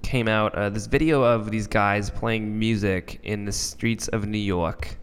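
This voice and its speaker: A man hosting a casual podcast, rambling and halting with fillers. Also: lowish voice, fairly even intonation, smooth, long reverb tail. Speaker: podcast host.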